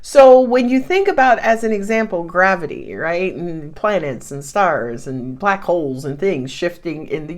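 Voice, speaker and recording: A woman talks through a tarot reading in a loose, animated way, laughing often and letting the odd curse word slip. Her voice sits at an ordinary middle pitch. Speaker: tarot reader. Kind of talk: casual spoken tarot reading.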